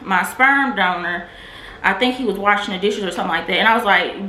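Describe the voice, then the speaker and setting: A woman's voice: mid-range voice, a little fast, sharp tone. A woman vlogger candidly telling a personal testimony in a casual, filler-heavy way. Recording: echoey room with faint noise.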